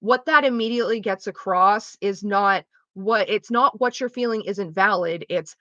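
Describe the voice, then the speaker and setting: A young woman streamer talks in a bright, sharp tone, frank and explanatory, cursing freely as she chats. Her voice sits close on a dry, dull, lo-fi mic with no room around it. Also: mid-range voice, moderate pace, no room sound. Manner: frank, explanatory, swears freely, acts out quoted reactions. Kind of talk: casual chat while streaming a game.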